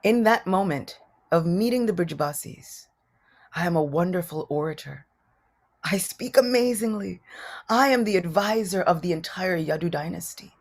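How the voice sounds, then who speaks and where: A woman's voice: on the low side, normal speed. A woman voicing a male royal advisor who tells, humbled and sorrowful, how his eloquence failed him. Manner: earnest, sorrowful storytelling.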